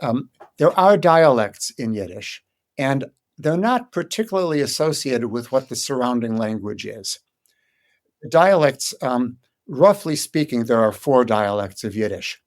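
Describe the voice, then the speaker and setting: An older man from Chicago, a guest scholar in an interview, explaining in a thoughtful way with frequent ums and pauses. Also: mid-range voice, expressive. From Chicago, United States. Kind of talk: conversational interview.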